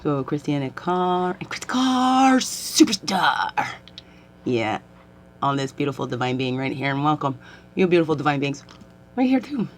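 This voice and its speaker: A woman's voice: very deep voice, moderate pace, a little hiss or hum. Giggly medicine woman vlogging. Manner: giggly, animated storytelling with frequent laughter. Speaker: spiritual vlogger, self-styled medicine woman. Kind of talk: rambling casual chat to camera.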